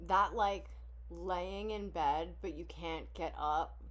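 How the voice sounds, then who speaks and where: A woman's voice: on the low side, takes it slowly, fairly bright tone. A woman hosting a casual song reaction video, talking with blunt, profane candor and frequent sighs. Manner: blunt, candid, profane oversharing with sighs and laughs.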